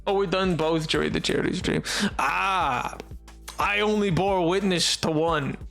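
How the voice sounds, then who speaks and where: This young man talks loosely with his stream chat in an unhurried way, joking around and restarting sentences with plenty of fillers. He speaks at a fairly high pitch with vocal fry and a fairly bright tone over soft background music.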